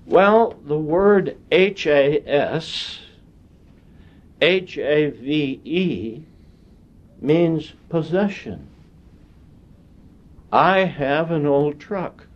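A man preaching a sermon in a slow, deliberate way, with long pauses between phrases. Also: on the high side, animated. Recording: dull lo-fi sound.

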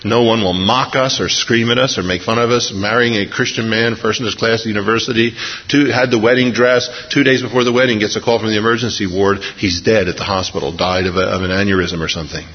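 A man preaching a sermon to a congregation, his voice low and a little husky as he tells the story in earnest. He slows down to press his points home. The sound is dull and lo-fi, with a long reverb from the hall. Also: fairly even intonation. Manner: earnest, storytelling, measured slowdowns for emphasis. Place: church service before a congregation.

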